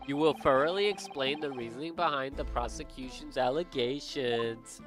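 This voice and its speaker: A man's voice: mid-range voice, music in the background, natural voice. A man reading a game aloud and putting on a fake British accent as a pompous, stately judge. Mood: stern. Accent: put-on British. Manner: slow, stately. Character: pompous older male judge.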